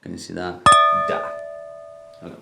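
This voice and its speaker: A man's voice: deep voice, monotone, moderate pace, gravelly, over loud music. A man co-hosting a casual wine-tasting chat, hesitant and full of restarts, laughing easily. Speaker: wine review co-host. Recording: echoey room.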